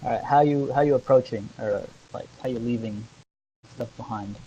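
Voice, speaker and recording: A young man running a tabletop game, hesitant and full of fillers. His voice sits at a mid pitch. The recording is dull and lo-fi. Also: normal speed, warm tone, slight background noise. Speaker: game master.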